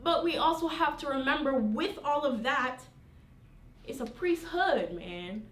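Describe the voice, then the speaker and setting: A woman's voice: high voice, animated, a little slow. Woman teaching scripture in an echoey room. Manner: conversational, frequent tag questions, reads scripture aloud. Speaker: Bible teacher. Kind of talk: informal Bible study teaching. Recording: roomy, distant mic.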